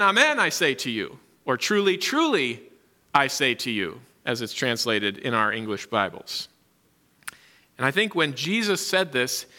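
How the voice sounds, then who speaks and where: A man's voice: on the high side, bright, forceful tone. A man preaching a sermon, reading scripture and teaching earnestly with emphasis. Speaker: pastor. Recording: reverberant hall.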